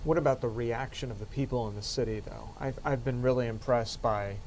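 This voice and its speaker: A man's voice: mid-range voice, fairly quick, a little mellow, slight background noise, low-quality recording. A man hosting a casual talk show, conversational, reading out viewer comments and asking questions. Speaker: host.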